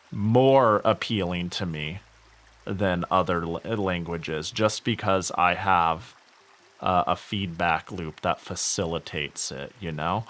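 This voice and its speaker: A young man chatting casually while streaming a game, rambling and animated, laughing often and swearing freely. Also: low-pitched. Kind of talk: casual gaming stream chat.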